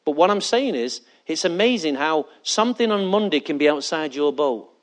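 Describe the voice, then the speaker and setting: A man's voice: fairly high pitch, animated, moderate pace. A male pastor preaching a sermon, emphatic and often asking the congregation for agreement.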